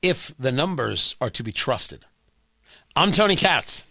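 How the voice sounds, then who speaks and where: A man's voice: mid-range voice, a little slow, gravelly, dry recording, soft background music. A man with an East Coast American accent hosting a talk radio show, delivering an opinionated, sarcastic, joking monologue from a studio mic. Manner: sarcastic, animated, jokey. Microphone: close studio mic.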